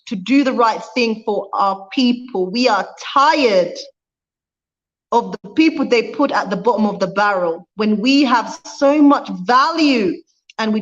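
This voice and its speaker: In lo-fi sound, a woman with a mid-range voice delivers fervent livestream talk as a vlogger. She keeps repeating her points to stress them. Along the way she reads out what viewers have commented.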